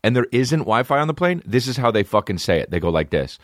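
A male comedian hosting his podcast, rambling through a profane, animated monologue. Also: medium pitch, quick pace, dry recording, studio quality.

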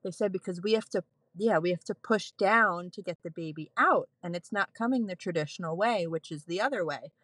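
A woman in her thirties, a postpartum nurse, telling a candid personal story as a podcast guest, animated and laughing often. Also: fairly low pitch, a little fast, dry recording.

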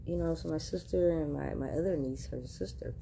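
A woman's voice: low-pitched, a little fast, gravelly, dark tone, slight background noise. A woman hosting a podcast, telling a casual story straight to her listeners, chatty and laughing often. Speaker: podcast host.

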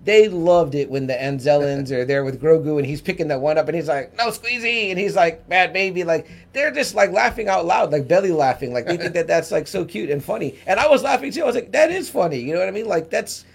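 A man co-hosting a casual review podcast, talking fast and acting out reactions, swearing freely. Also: on the high side, vocal fry, slightly rough. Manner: animated, acts out quoted reactions, swears casually. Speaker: podcast co-host.

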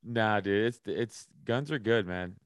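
A man's voice: on the low side, unhurried, clean tone, dry recording. A man, a stand-up comedian, chatting as a podcast guest, blunt and opinionated, often restarting his sentences. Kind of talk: casual podcast chat.

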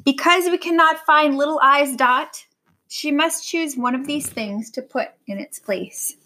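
A woman voicing a calm, helpful male capital letter in a read-aloud storybook, speaking in a reassuring way. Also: mid-range voice, moderate pace. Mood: announcing.

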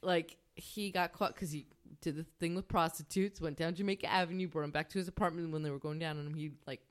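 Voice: medium pitch, steady tone, fast. A podcast co-host telling an anecdote in a casual, sarcastic way, acting out quoted lines. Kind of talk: casual storytelling.

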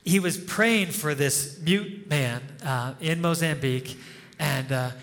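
A man's voice: a little high, slow, fairly bright tone. A male pastor preaching an informal, conversational sermon, telling stories and chuckling often. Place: church hall before a congregation. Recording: long reverb of a church hall.

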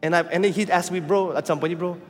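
A man's voice: high-pitched, steady tone, a little fast. A man with a Filipino accent preaching a sermon, telling a personal story in a candid, conversational way. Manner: candid, conversational, mixing in Tagalog phrases. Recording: reverberant hall with faint music and crowd.

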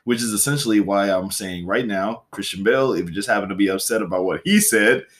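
A man's voice: lowish voice, fast, a bit bright. A man co-hosting a podcast in casual chat, rambling with frequent laughs and restarts. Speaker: podcast co-host.

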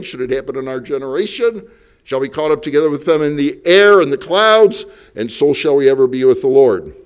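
A man preaching a Sunday evening sermon in a church, folksy and emphatic, full of rhetorical questions to the congregation. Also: fairly high pitch. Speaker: pastor. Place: church sanctuary.

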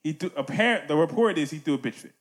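A man's voice: a little high, lively intonation, fast. A man hosting a casual music podcast, talking animatedly and checking in with "right?" asides.

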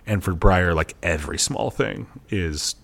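This is a young man with a very low voice, talking casually on a podcast. He rambles a little and laughs a lot, and gets lively as his stories build. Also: measured pace, vocal fry. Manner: rambling, laughs often, animated when telling stories. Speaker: podcast co-host. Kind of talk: casual chat.

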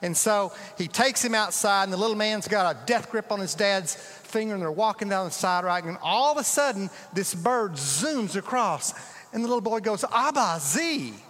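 A middle-aged man, a pastor telling stories in a sermon, swinging from dramatic rises to hushed drops. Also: sits high, lively intonation, normal speed. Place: large church sanctuary. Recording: reverberant church hall.

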